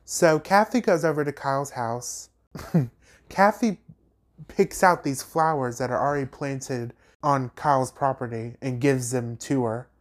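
Unhurried and mid-range in pitch, a male podcast host walks through reality TV drama in a casual rant. He's animated and emphatic, and sassy asides and pointed questions keep popping up.

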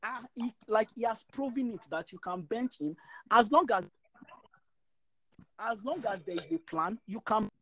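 A man's voice: sits high, lively intonation, measured pace, pauses often, a bit bright, a little hiss or hum, rough recording. A man, ranting passionately in a casual podcast chat and stumbling over repeated words when worked up. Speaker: podcast co-host.

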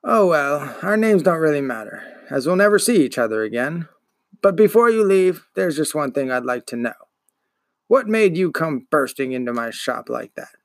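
A man voicing a gruff, grumbling old male bookseller who smokes a pipe and dislikes children, speaking in a slow, disdainful growl. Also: fairly high pitch, very animated, no echo, clean studio sound.

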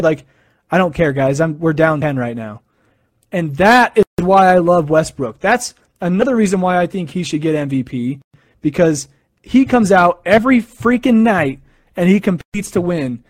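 A young man talking casually about basketball, telling stories in an excited, animated way. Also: sits high, no room sound. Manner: excited, animated storytelling with quick asides. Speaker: sports fan sharing opinions. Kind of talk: casual monologue.

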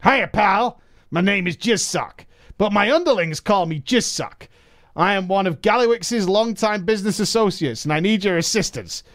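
A man's voice: sits high, lively intonation, moderate pace, fairly bright tone, voice pushed up. A man putting on a smarmy goblin boss. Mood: scheming. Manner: smarmy, showy salesman patter. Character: scheming fast-talking male goblin boss.

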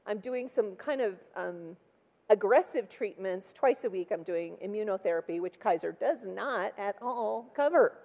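A woman's voice: medium pitch, animated, a little slow, gravelly, a little mellow, long reverb tail. A woman in her sixties giving a personal testimony from a church pulpit, chatty and full of "like" and acted-out quotes. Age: 60s. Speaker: church speaker. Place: large church hall.

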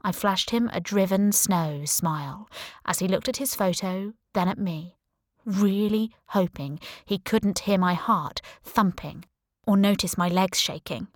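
A woman's voice: mid-range voice, a little slow, no room sound, clean studio sound. A woman narrating a first-person audiobook in a wry, breezy storytelling manner.

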